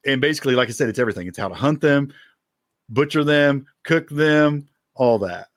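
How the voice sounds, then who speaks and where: A man's voice: medium pitch, expressive, brisk, no room sound, studio quality. A man co-hosting a podcast in casual chat, talking in an easygoing, rambling way and laughing often. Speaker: podcast co-host.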